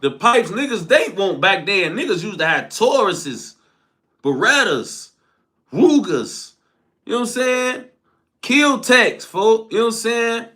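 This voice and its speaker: Animated young man telling a story. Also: sits high, a little slow. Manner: animated slang-heavy recounting, frequent "folks" tags. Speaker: storyteller host. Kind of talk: casual street storytelling.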